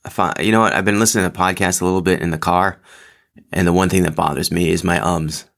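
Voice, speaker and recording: A man's voice: deep voice, steady tone, quick pace, vocal fry, fairly bright tone. A man hosting his own podcast in casual solo chat, rambling with lots of ums and restarts, joking at his own expense. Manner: rambling, full of ums and restarts, self-deprecating. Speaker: podcast host.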